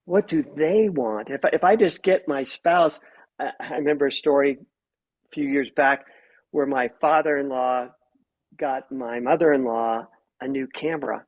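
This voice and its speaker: A man's voice: medium pitch, a little slow, lo-fi sound. A middle-aged man, a therapist and author, talking in a podcast interview and acting out quoted lines in his stories. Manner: animated storyteller who acts out quoted voices.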